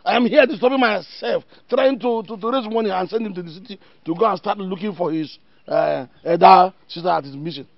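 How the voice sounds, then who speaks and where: A man's voice: sits high, brisk, vocal fry, no room sound, dull audio. An actor with a Nigerian accent playing an argumentative village father who stands up for his son. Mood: arguing. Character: defensive village father, gravelly and stern.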